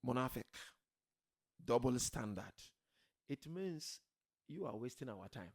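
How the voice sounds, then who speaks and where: This man delivers a sermon to a congregation in a husky, sing-song voice of medium pitch and measured pace. He moves between gentle pleading and loud shouts for emphasis, asks rhetorical questions, and hammers key words through repetition.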